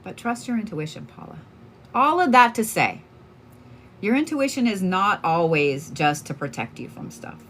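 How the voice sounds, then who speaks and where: A woman's voice: medium pitch, very animated, moderate pace, fairly bright tone, slight background noise. A woman from Oklahoma, a tarot card reader chatting casually on a livestream, telling stories in a candid, profane way with lots of fillers.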